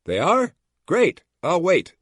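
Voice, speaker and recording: Picture an irate, hotheaded agent yelling down the line, the voice pitched high and strained above its usual depth, as a man reads him. He blusters and snaps in a husky tone, in a dry audiobook recording. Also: huge pitch swings, slow pace, no room sound, full character voice. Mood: eager. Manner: shouting, blustering.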